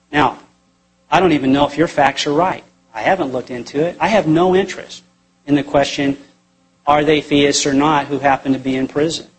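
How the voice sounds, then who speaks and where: A man with a husky, slightly higher voice gives a formal debate reply. He argues in a measured, deliberate way, stopping now and then on fillers. Faint music sits behind him. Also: low-quality recording. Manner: deliberate, argumentative, pausing with fillers.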